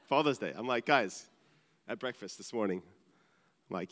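A middle-aged man preaching a sermon, earnest and animated, dropping to quiet asides. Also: fairly low pitch, moderate pace. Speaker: pastor. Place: large church hall. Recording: reverberant church hall.

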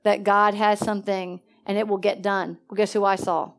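A woman preaching in a lively storytelling way, jumping from excited bursts to hushed, quiet asides. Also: mid-range voice, normal speed. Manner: animated, swings between excited exclamations and hushed asides. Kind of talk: storytelling sermon.

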